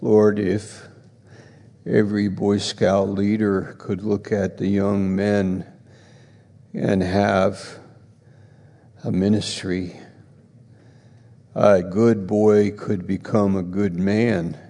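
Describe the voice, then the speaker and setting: Slow, gravelly-voiced preacher man. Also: fairly low pitch, level tone, warm tone, big-room sound. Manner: slow, earnest, rising for emphasis. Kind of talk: sermon with prayer.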